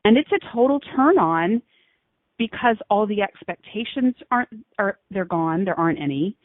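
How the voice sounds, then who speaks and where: A woman talking as a guest on a radio show, giggling often and gushing about what excites her. Her voice comes through a tinny phone line with a dry sound. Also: medium pitch, moderate pace, no room sound. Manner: laughs often, gushing and breathy. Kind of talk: giggly casual chat.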